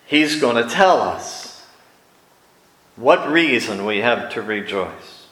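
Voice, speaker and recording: A man delivers a sermon at an unhurried, measured pace, leaning on pauses for emphasis. His voice sits at an ordinary middle pitch. The sound carries a noticeable echo, as if recorded in a roomy space. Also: lively intonation, fairly bright tone. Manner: slow, deliberate teaching delivery with emphatic pauses. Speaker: preacher.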